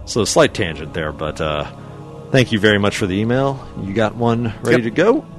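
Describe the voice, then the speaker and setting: A man's voice: lowish voice, expressive, normal speed, faint music behind. A man co-hosting a casual gaming podcast, reading listener emails aloud and teasing his co-host with laughing banter.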